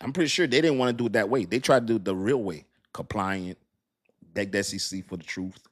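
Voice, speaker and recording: A man hosting a casual crypto livestream, talking in animated, slangy street talk, swinging between loud and soft. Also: on the low side, fast.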